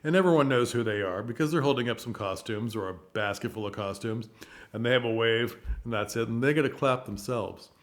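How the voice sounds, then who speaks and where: A man's voice: mid-range voice, brisk. A man talking casually to camera as a theater commentator, chatty and chuckling between points.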